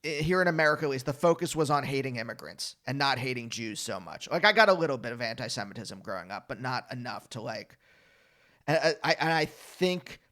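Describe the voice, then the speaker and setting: A man's voice: mid-range voice, expressive, brisk, sharp tone. A man hosting a podcast, musing thoughtfully and hesitantly, with frequent fillers and restarts. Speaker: podcast host. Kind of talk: casual conversational interview.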